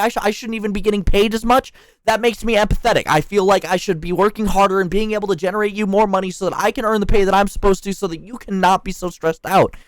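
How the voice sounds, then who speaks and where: A fired-up young man with a high-pitched voice rants angrily as a store worker venting about management. He's profane, heated and sarcastic, and the recording has no echo.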